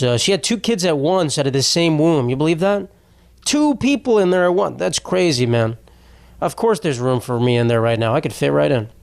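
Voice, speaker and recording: A young man hosting his own podcast, rambling through a casual comedic solo rant, swearing freely and cutting himself off mid-thought. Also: fairly high pitch. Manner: rambling, jokey, swears freely, self-interrupting. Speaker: podcast host.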